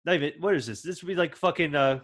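A man's voice: fairly high pitch, a bit bright. A man co-hosting a casual movie commentary, joking and swearing with his friends. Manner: jokey, profane, quick to laugh. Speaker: podcast co-host.

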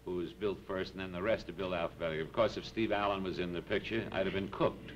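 A man's voice: low voice, steady tone, fast talker. A man who is a comedic actor at a press interview, dry and joking, with a few fillers. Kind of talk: joking casual chat. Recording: dull, lightly noisy 1960s archive recording.

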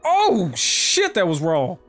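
An excitable man narrating his gameplay in a high, very lively voice, swearing freely and yelling at the game. Faint game music plays under him. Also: slow pace. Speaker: let's play host. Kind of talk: gameplay commentary.

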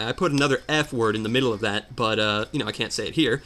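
A man doing casual gameplay commentary, telling a story as an animated, exasperated rant. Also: fairly low pitch, racing, few pauses. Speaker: let's player.

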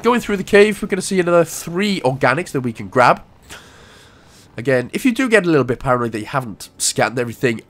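A young Welsh man giving casual, rambling gameplay walkthrough commentary with jokey asides. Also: medium pitch. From Wales.

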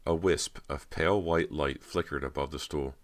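Very deep-voiced male narrator. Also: steady tone, normal speed. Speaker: audiobook narrator. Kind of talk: scripted audiobook narration.

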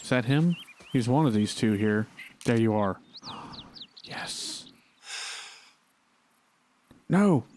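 A man's voice: fairly low pitch, moderate pace, a little mellow, a little hiss or hum. A man giving casual gameplay commentary, talking and pleading with the animals on screen. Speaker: gaming channel host.

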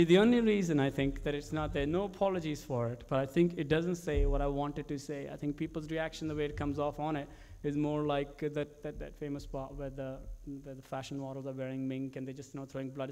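A male commercial director telling stories about his work in an animated way, with frequent restarts and fillers. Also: a little high, a little fast, few pauses, clear, resonant tone.

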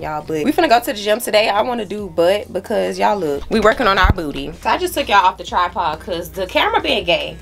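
A woman's voice: mid-range voice, vocal fry. Brash, profane young woman vlogging. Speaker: YouTuber. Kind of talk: casual vlog chat. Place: home and gym.

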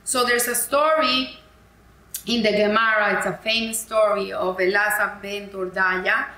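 Bright-voiced woman teaching Torah. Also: mid-range voice, steady tone, unhurried, roomy sound, low-quality recording. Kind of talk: weekly Torah lesson.

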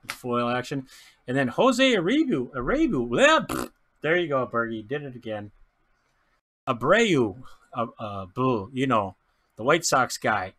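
A man giving chatty, excitable commentary while opening baseball card packs, often stumbling over player names and laughing. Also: medium pitch. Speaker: card pack breaker.

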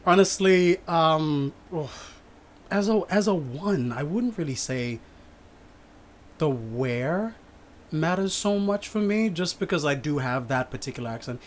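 A woman from Papua New Guinea with an American-sounding accent, hosting a casual podcast chat, animated and quick to laugh. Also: low-pitched, a little hiss or hum. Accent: Papua New Guinean with an American-sounding lilt. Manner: animated, laughs often, lots of restarts. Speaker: podcast host.

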